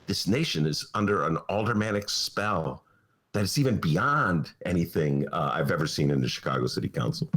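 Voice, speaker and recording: A man in his sixties hosting a political podcast from a studio, sarcastic and animated, laughing as he mocks. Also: on the low side. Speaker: podcast host. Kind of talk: satirical political talk.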